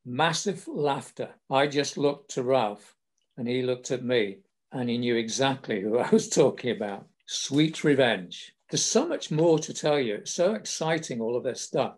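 A man's voice: mid-range voice, expressive, a little slow. An older man from England hosting a podcast, telling wry anecdotes in a casual storytelling way. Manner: wry, self-deprecating humour. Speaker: podcast host.

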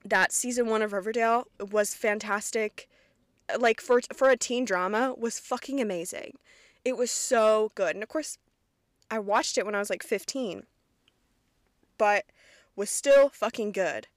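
A woman's voice: mid-range voice, measured pace, dry recording, clean studio sound. A woman of twenty from rural Kentucky hosting her own podcast in a rambling, casual monologue, swearing freely and poking fun at herself. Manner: chatty, rambling, frequent swearing, self-deprecating. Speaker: podcast host.

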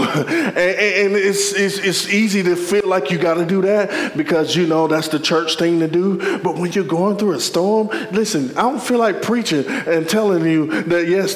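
A man preaching a sermon with a playful, animated delivery, full of laughing asides and calls to the congregation. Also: high-pitched, moderate pace, few pauses. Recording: echoey hall.

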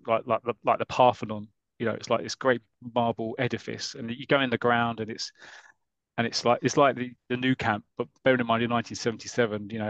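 A man's voice: mid-range voice, no echo. Man hosting a chatty podcast. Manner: lively storyteller who acts out characters' lines. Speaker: podcast host. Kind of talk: casual podcast chat, retelling a comic story.

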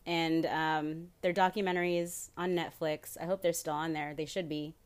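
A woman's voice: low voice, flat delivery, moderate pace. Rambling, profane woman podcaster. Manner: rambling, profane, interrupts herself. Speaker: podcast host. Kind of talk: casual solo podcast chat.

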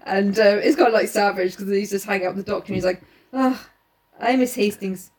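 A woman's voice: mid-range voice, flat delivery, rapid-fire. A woman hosting a casual podcast chat, retelling a novel and laughing often as she puts on voices for its characters.

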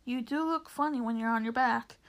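A sore, weary young boy from a storybook who asks plain, blunt questions, read aloud by a woman. His voice sits a little high and stays close to her own reading voice. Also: fairly quick, lightly acted.

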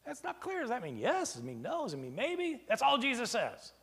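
A man giving a lecture in an animated way, posing rhetorical questions and acting out imagined back-and-forth exchanges. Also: very high voice, brisk, gravelly. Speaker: lecturer on early Christian texts. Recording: long hall reverb.

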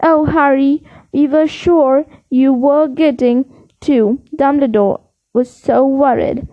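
An anxious schoolgirl witch, read by a woman speaking in a high voice, urgent and fretful. The reading is slow, and the recording dry and slightly dull. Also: steady tone, no room sound.

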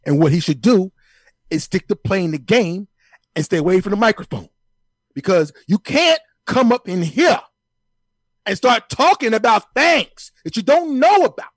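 A man doing an impression of a loud, preachy male sports pundit on a podcast. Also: high-pitched, lively intonation, normal speed, husky, no room sound, studio quality, pitched above the performer's own voice. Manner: emphatic, declaiming, indignant.

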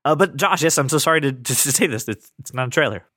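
A man's voice: mid-range voice, animated, fast, pushed and bright, breathy edge, dry recording, clean studio sound. A man hosting a podcast in casual chat, playful, with frequent stammering restarts. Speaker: podcast host.

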